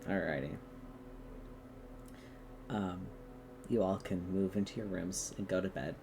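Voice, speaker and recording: A woman with a notably low, soft voice narrates a tabletop game as its game master. She rambles and fills her sentences with ums and likes. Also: takes it slowly, gravelly, noisy background. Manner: rambling, full of fillers.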